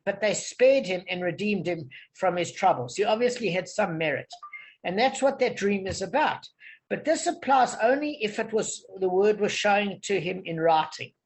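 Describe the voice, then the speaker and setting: A man's voice: high voice, animated, normal speed. Guy teaching talmud on a video call, patient, wanders off on tangents, keeps checking you follow. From South Africa. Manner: patient, digressive explaining, often checks understanding. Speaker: Talmud study leader. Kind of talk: online group Talmud lesson.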